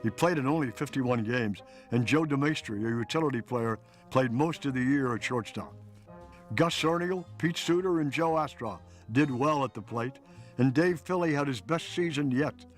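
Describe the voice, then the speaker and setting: Man narrating a sports history documentary. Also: mid-range voice. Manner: measured, storytelling delivery. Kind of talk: scripted narration.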